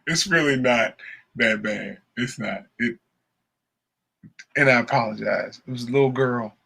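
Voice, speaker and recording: Bright-voiced joking podcast host. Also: male voice, medium pitch, a little slow, vocal fry, breathy edge. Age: adult father. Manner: joke-telling, animated, laughs often. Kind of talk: casual chat.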